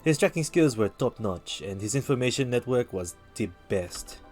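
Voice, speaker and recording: A man voicing a worldly bar patron who tells dark stories, in a put-on, vaguely Russian accent with a measured, lowered delivery while reading game dialogue aloud. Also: animated, lightly acted. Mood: storytelling. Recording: faint music behind.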